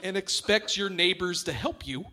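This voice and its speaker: A young adult stand-up comedian with a high voice performs a set on a comedy club stage at normal speed. He rambles, mocks himself, and laughs at his own jokes while audience laughter makes the recording very noisy.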